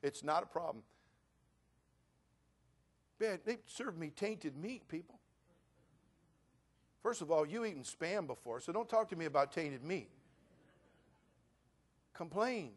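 A male pastor preaching a sermon, swinging from loud rants to quiet asides. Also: on the high side, animated, normal speed, pauses often. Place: church.

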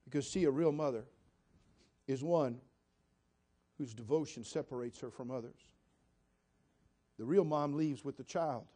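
A man's voice: medium pitch, unhurried, long pauses, dark tone. A man preaching a sermon as pastor, emphatic and repetitive, putting direct questions to the congregation.

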